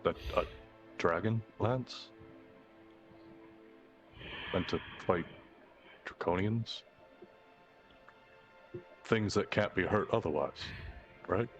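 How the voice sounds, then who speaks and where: A man playing his character in a tabletop game, calm and matter-of-fact. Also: low voice, slow pace, long pauses, faint music behind. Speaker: player. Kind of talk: in-character tabletop role-play.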